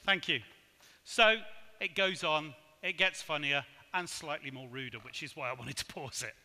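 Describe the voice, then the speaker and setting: A man giving a conference keynote in a hotel hall, measured and asking the audience rhetorical questions. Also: on the high side, bright, forceful tone. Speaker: conference speaker. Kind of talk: keynote presentation. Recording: hall reverb.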